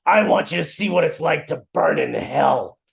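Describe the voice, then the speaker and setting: A man voicing a miserable old male rabbi teacher with a raspy, stern, scolding voice. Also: a little high, lively intonation, moderate pace, roomy sound, pitched above the performer's own voice.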